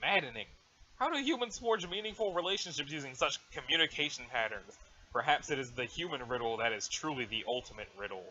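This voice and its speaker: A man's voice: medium pitch, lively intonation, fairly quick, pushed and bright, a little hiss or hum, voice pushed down. A man voicing an aloof, formal alien troll girl with stiff, overly proper wording, on a dull lo-fi mic.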